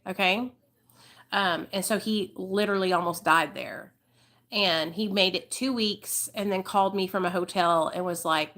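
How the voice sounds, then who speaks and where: A livestream host in her thirties, speaking with a fairly low, fairly bright voice, tells viewers her life story. She's chatty and emotional, swears freely and calls them y'all.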